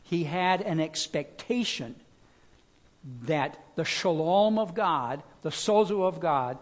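A man preaching a sermon as pastor, talking in a conversational way with fillers and repeated words. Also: sits high.

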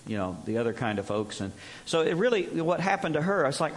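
A man's voice: medium pitch, expressive, fast. A male preacher giving a conversational Bible teaching and telling the story with animation, acting out the quotes.

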